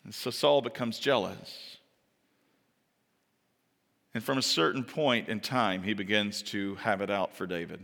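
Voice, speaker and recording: A man preaching a sermon, telling a story with animated delivery and sudden jumps in pitch when he acts out quoted lines. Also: a little slow, gravelly, long pauses, big-room sound.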